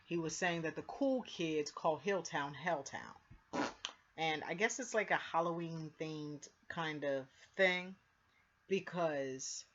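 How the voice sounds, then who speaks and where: A woman's voice: sits low, a bit bright. A woman casually recapping a TV episode, rambling with lots of fillers and acting out what characters said. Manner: rambling, filler-heavy retelling, acting out quotes. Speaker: TV show reviewer. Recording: dull lo-fi recording.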